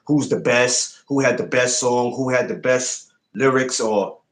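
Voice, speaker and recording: A man's voice: medium pitch, a little slow. A man hosting a podcast, chatting casually, telling stories and asking probing questions. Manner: animated storyteller, asks probing questions. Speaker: podcast host.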